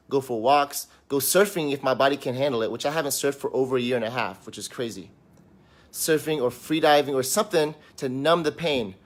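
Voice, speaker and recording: A man talking candidly in a personal vlog, sitting on a couch at home, in a raw, rambling, emotional way. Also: mid-range voice. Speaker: vlog host.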